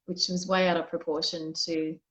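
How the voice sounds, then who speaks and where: A woman's voice: fairly low pitch, little pitch movement, moderate pace, a bit bright, rough recording. A woman being interviewed as a guest, telling a personal story in a candid, reflective way and often restarting her sentences. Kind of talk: conversational interview.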